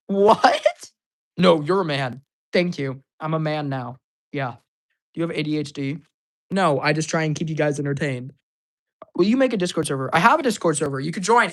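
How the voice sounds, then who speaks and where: A hyper man chatting on a casual live stream, his voice bright and slightly hoarse. He answers viewer questions quickly and laughs often. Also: a little high.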